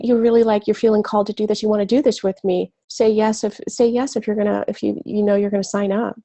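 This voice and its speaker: Gravelly, mellow woman hosting a webinar. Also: medium pitch, little pitch movement, a little fast. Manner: gushing, chatty, swears casually, many fillers. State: has a cold. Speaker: spiritual coach hosting a webinar. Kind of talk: casual live webinar talk.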